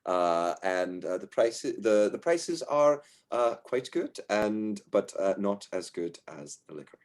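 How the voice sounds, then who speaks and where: Guy playing a gentle dwarf innkeeper, soft and polite. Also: lowish voice, lively intonation, slow, clear, resonant tone. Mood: hospitable. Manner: soothing, polite. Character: calm apologetic male dwarf innkeeper.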